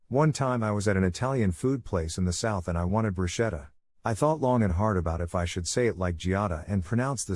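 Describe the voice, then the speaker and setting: A man narrating a string of online comments in a steady scripted read. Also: low voice, no room sound. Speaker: narrator reading reddit comments.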